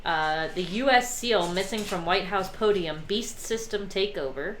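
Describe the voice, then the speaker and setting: A woman's voice: medium pitch, a little slow, a bit bright, a little hiss or hum. A woman hosting a casual video call chat, laughing often, on a home computer mic. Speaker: host. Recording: echoey room with chatter behind.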